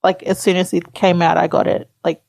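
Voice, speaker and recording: An Australian woman co-hosts a podcast, giving short, laid-back replies in casual chat. Her voice is lowish, creaky and darkish with little pitch movement, fairly quick, and recorded without echo.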